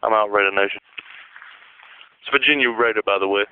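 A man's voice: lowish voice, brisk, slight background noise. A disgusted male caller venting and swearing about his team on a call-in show. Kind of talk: call-in rant. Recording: dry phone line.

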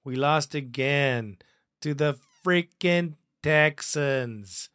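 A man hosting a fan podcast, reading listener comments aloud in a profane, excitable way and laughing often. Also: a little high, very slow, clean tone, no room sound, clean studio sound.

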